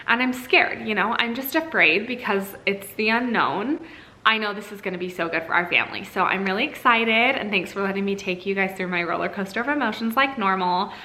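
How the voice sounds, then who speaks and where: A woman's voice: mid-range voice, sharp tone, poor audio. A young woman vlogging as a mom, chatting openly and emotionally to her viewers and switching to a sweet singsong with her children. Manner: open and emotional, sweet singsong when talking to her kids. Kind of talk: casual vlog chat to camera.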